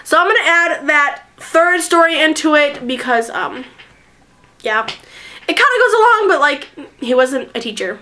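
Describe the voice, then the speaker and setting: A woman vlogger telling a storytime tale in excitable, giggly chatter. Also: high-pitched, a little slow. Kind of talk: storytime vlog.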